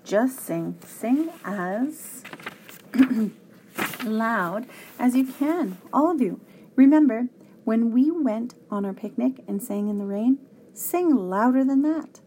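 A woman's voice: mid-range voice, animated, slow, warm tone, slight background noise. A woman voicing a fussy, flustered male professor who hiccups and urges children on with exclamations. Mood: rousing.

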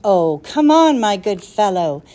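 A woman's voice: medium pitch, big pitch swings, measured pace, warm tone. Woman doing a fretful, flustered old professor. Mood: exasperated. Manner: anxious, desperate, exasperated.

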